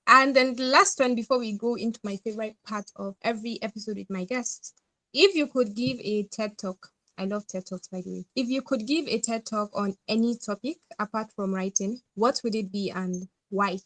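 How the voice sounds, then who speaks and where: A woman's voice: on the high side, normal speed, fairly bright tone, dry recording, rough recording. A woman hosting a podcast, asking questions in an upbeat, chatty way. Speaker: podcast host. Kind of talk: casual interview questions.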